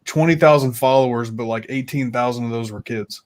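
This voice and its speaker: A man's voice: mid-range voice, fairly quick. A man who is a guest on an interview show, speaking casually and plainly with some hesitation.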